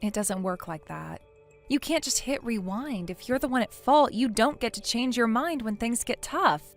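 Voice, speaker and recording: A woman's voice: on the high side, expressive, normal speed. Brief: woman voicing stern young female friend, blunt and lecturing, text-story read, light music underneath.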